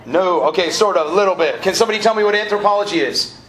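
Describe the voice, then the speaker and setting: This college ministry director and preacher talks casually to students in a campus lecture hall or auditorium, joking and getting the audience to answer back. His voice sits high and a bit bright, and he races along. The live hall sounds roomy, with faint background noise.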